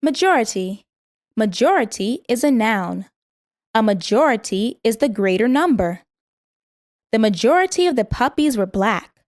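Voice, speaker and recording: A woman reading a scripted vocabulary lesson in a measured way, saying each word twice so learners can repeat it. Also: a little high, expressive, dry recording, studio quality. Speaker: vocabulary instructor.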